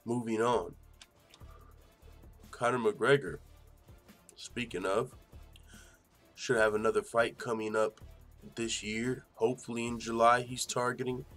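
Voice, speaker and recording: A man hosting a mixed martial arts news show, talking casually in an animated, slangy and profane way and often laughing. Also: mid-range voice, measured pace, pauses often, soft background music. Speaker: MMA news show host. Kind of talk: casual commentary.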